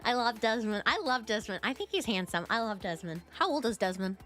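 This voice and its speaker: A woman's voice: on the high side, lively intonation, fairly quick, a bit bright, soft background music. A young woman streamer chatting casually to her viewers, gushing and rambling. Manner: gushing, rambling, talks to chat. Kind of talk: casual livestream chat.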